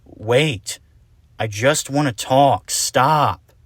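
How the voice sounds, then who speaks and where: A man voicing a jumpy young male pony lighthouse keeper who shrieks high when scared. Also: animated, slow pace, pushed and bright, no echo, heavily acted. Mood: pleading. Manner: panicky high-pitched screaming when scared.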